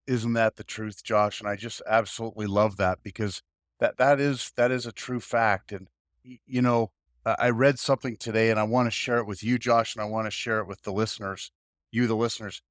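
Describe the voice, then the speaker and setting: A man's voice: on the low side, fairly even intonation, a little fast, no room sound, clean studio sound. A man hosting a podcast, talking in an encouraging, emphatic way to his guest. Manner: warm encouraging, emphatic praise. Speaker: podcast host. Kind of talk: casual podcast talk.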